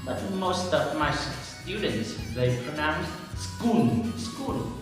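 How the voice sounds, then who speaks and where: A man with a Vietnamese accent teaching English pronunciation, speaking slowly and carefully and repeating words as drills. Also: a little high, very echoey, long reverb tail, far from the mic, over music, poor audio. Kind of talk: pronunciation lesson talk.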